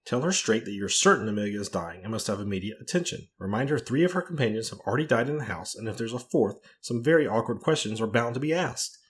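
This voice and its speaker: A man voicing a forceful, indignant middle-aged woman, the rector's wife, who speaks insistently. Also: medium pitch, animated, fairly quick, natural voice. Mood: forcible. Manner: insistent and forcible.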